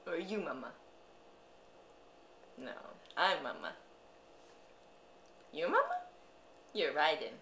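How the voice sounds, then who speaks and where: A woman's voice: sits low, animated, a little slow, long pauses, a bit bright, recorded from a distance, a little hiss or hum. Mom coaxing her toddler with bouncy, playful baby talk, recorded in an echoey home room. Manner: playful sing-song coaxing. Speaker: mother.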